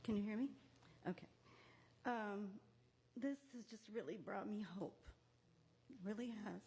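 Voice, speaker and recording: A bereaved mother speaks as a guest at a memorial ceremony in a museum event room, earnest, emotional and close to tears. Her mid-range voice is a little mellow, at a measured pace, with a little hiss or hum in the recording.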